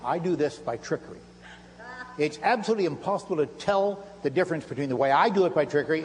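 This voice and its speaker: Older man, fairly high voice, joking showman patter, live lecture hall, long reverb, faint hum. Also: expressive, fast talker. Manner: playful, self-mocking showman patter. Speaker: lecturer and stage magician. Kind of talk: live stage lecture with demonstrations. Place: lecture hall stage before an audience. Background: audience laughter.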